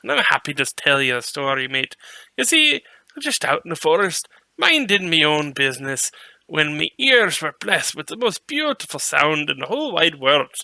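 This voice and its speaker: A man's voice: fairly high pitch, sing-song, moderate pace, creaky, pushed and bright, dry recording, exaggerated voice. A man voicing Poro, a cheeky male mutant reindeer who spins a rambling tale in a put-on Scottish-style brogue. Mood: boastful yarn. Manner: chatty, folksy, rolls through a tall tale. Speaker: player. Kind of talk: in-character tabletop storytelling.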